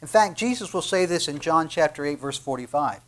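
A man preaching from the pulpit, his voice sitting a little high for a man. He builds to loud, emphatic peaks on key phrases and then drops to near-hushed asides. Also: lively intonation, fairly quick. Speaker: pastor. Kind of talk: sermon.

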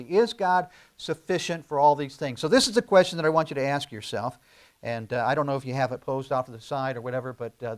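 A man preaching from the pulpit with a slightly high voice. He throws rhetorical questions at the congregation and slows into loud, deliberate emphasis on the key phrases. It sounds like a pastor building a sermon point by point. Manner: rising to emphatic, slowed declarations on key phrases.

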